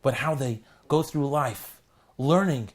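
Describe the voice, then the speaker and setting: A man, a rabbi, telling a story as an appeal, swinging dramatically between loud and hushed delivery. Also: mid-range voice, slow.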